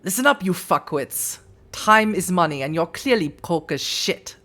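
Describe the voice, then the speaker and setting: A woman's voice: on the low side, animated, a little slow, fairly bright tone. A woman voicing a sneering, contemptuous male vampire info broker in a put-on German accent, swearing and barking orders. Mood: scornful.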